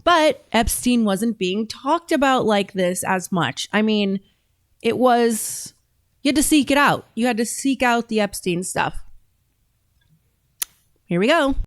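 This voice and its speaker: A woman's voice: a little high, expressive, takes it slowly, pauses often. A woman hosting a reaction show speaks in a chatty, emphatic, conversational way. She sits close to the mic in a dry, dead-sounding space with no room echo. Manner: chatty, emphatic, talks with her mouth full at times. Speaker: show host reacting to videos. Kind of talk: casual commentary.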